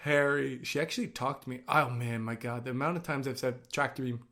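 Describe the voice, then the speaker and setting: Excitable man gushing over a movie. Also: medium pitch, fairly quick, vocal fry. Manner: excitable, gushing, bursts into yelling. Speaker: actor and writer as guest. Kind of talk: casual watch-along movie commentary.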